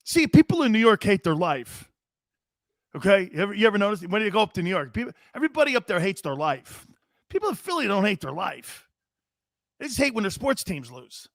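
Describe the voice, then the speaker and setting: A man hosting a sports talk show, telling stories in a loose, animated way with frequent laughter and some cursing. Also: high-pitched, fairly quick, no echo, clean studio sound. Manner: animated storyteller, laughs often, curses. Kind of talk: casual sports radio chat.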